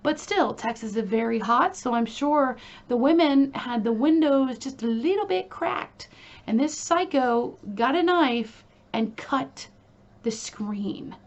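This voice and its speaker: Chatty woman true crime host, fairly high voice. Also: animated, takes it slowly, muffled recording. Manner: chatty and emphatic, lots of fillers and asides. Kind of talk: casual true crime storytelling.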